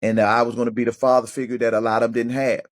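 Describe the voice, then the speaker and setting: Middle-aged man telling lively stories. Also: mid-range voice, very fast. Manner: animated storyteller who acts out other people's voices; repeats and restarts words while thinking. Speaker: podcast guest, former pro football player turned high school coach. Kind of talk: casual storytelling interview.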